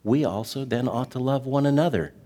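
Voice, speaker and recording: A man preaching a sermon as a pastor, earnest and direct with the congregation, slowing down to stress key words. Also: mid-range voice, warm tone. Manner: talks directly to the congregation with asides.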